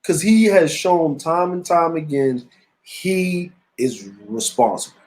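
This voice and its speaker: A middle-aged man with a fairly high speaking voice, co-hosting a relaxed talk show. He tells stories with animated, teasing energy. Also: slow pace, a little hiss or hum, low-quality recording. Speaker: podcast co-host. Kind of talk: casual chat.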